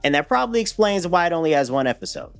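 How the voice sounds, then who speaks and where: A male commentary host narrates in a casual, sarcastic way and laughs at his subject. His pitch moves around a lot. The sound is dry and close, with faint music playing underneath. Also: big pitch swings, racing, vocal fry, no echo.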